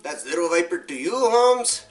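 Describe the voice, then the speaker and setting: Guy doing a loud slangy homie, high and pushy, kinda far from the mic w music. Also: very animated. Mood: swaggering. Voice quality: slangy, drawn-out, cocky. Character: swaggering young male cholo-style homie.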